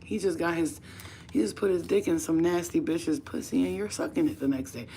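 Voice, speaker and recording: A woman casually chatting to her viewers at home, blunt and profane, animated and sometimes dropping to a soft whisper. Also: fairly low pitch, brisk, a little hiss or hum. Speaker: spiritual channel host. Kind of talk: casual straight-to-camera chat.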